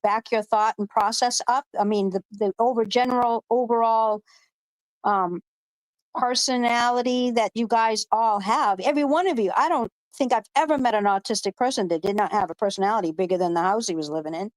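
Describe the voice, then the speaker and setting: A woman hosts a live online panel over a video call, chatting casually, rambling, speaking emphatically, and swearing freely. Her voice is a little high and a little fast, with no room sound.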